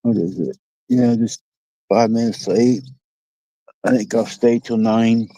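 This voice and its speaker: A man's voice: on the low side, steady tone, measured pace, mellow, no room sound, rough recording. A man with a Midwestern American accent chatting casually to his live-stream viewers while fishing outdoors by a dock, rambling and folksy, reading out comments. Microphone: phone.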